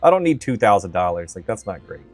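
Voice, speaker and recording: A man with a fairly low voice gives casual gameplay commentary, dropping wry, sarcastic remarks as he plays. Faint music sits behind him. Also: big pitch swings, fast. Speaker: gamer host.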